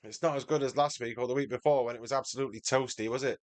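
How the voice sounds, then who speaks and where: A man's voice: mid-range voice, fairly even intonation, rapid-fire. A man with a Mancunian accent, commentating his live sim-racing stream and chatting with viewers by name. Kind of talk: live gameplay commentary and chat.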